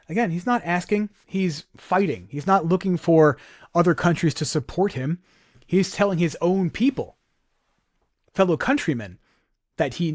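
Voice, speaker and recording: A man teaching exam strategy in a casual, explanatory way, checking in with his students as he goes. His voice sits a little on the high side. The recording is dry and close, with no room sound. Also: darkish tone, dry recording. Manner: explanatory, keeps checking in with "right?". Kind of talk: exam review walkthrough.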